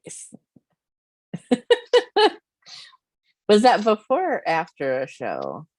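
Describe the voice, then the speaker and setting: A woman hosting a casual podcast chat, relaxed and accommodating with her guest. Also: deep voice, unhurried, dry recording. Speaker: podcast host.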